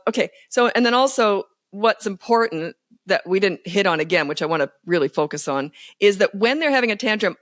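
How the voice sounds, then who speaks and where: A woman talks as a parenting coach guest on a casual podcast, her pitch in an ordinary middle range. She speaks bluntly and emphatically, never doubting her views. The recording is dry and close. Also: dry recording. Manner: blunt, emphatic and self-assured. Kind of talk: casual conversational interview.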